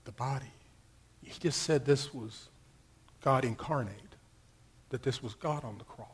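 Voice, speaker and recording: A middle-aged male pastor preaching a sermon, telling a personal story with wide swings between loud bursts and hushed, near-whispered passages. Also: medium pitch, unhurried, breathy edge.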